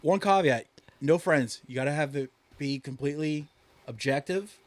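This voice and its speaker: A young man with a fairly high voice, trading crude, teasing jokes as co-host of a casual comedy podcast. He swears often and keeps the banter loose and joking. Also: moderate pace, no room sound.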